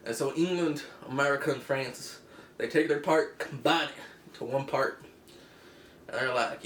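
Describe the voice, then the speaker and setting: A man's voice: mid-range voice, moderate pace, a bit bright, echoey room, a little hiss or hum. A man giving a casual comedic explainer with pirate slang, rambling and correcting himself offhandedly. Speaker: comic history explainer.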